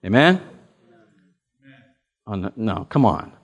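A pastor with a lowish, slightly rough voice preaches slowly in a large hall. Through a story featuring quoted dialogue, his sermon grows animated and builds to emphatic calls to the congregation.

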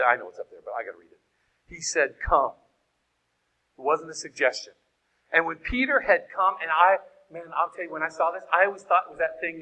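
A man preaching an animated sermon, acting out scenes in shouted voices. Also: a little high, poor audio. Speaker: guest preacher.

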